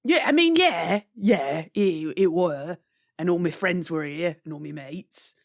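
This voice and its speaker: A woman's voice: on the low side, animated, a little slow, creaky. A woman playing a boastful, rambling raven lad in a put-on Cockney accent who keeps saying "innit". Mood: evasive.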